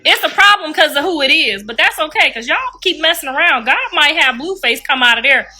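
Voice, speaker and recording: A middle-aged woman with a high, bright, froggy voice that sounds a little like Kermit the Frog. She chats animatedly and casually to her livestream viewers, calling them y'all and laughing often. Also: expressive, fairly quick, faint music behind. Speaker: livestreamer and mother.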